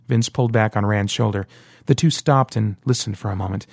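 A man's voice: fairly low pitch, brisk, gravelly, darkish tone, dry recording, studio quality. Man narrating an audiobook. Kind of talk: scripted narration.

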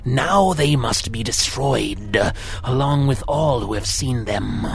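A man voicing a menacing male demon assassin in an audiobook, deep and evil-sounding. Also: animated, exaggerated voice. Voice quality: deep, slow and gravelly. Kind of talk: audiobook character voice.

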